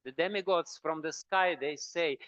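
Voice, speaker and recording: A man's voice: on the high side, moderate pace, a bit bright, smooth, no room sound. An older man, a monk, giving a devotional lecture as a chuckling storyteller who acts out the voices he quotes. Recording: dull, dry lecture recording.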